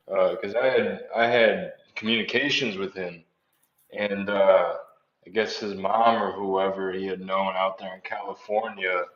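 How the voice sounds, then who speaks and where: A low-voiced man makes calm, measured points on a livestream chat. His audio comes in dull and lo-fi. It also carries a roomy echo.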